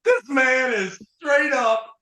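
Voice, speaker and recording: A man hosting a podcast, telling profane, animated stories in casual chat. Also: extremely high pitch, slow pace, reverberant, rough recording. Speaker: podcast host.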